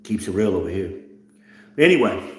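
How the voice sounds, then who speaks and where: A man's voice: low voice, big pitch swings, moderate pace, darkish tone, reverberant. A middle-aged man hosting a blunt, profane, mocking rant. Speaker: host. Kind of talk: ranting commentary.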